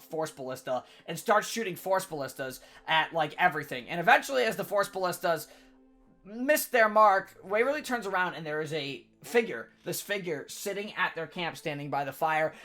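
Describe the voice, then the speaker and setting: A man, the dungeon master, casually recapping a tabletop game session in a rambling, animated way. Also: on the high side. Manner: rambling, many fillers and restarts, animated.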